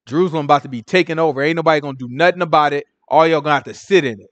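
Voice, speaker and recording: A man teaching scripture in an informal, emphatic sermon style, swinging from loud declarations to hushed asides. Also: fairly high pitch, very fast, no room sound. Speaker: Bible teacher.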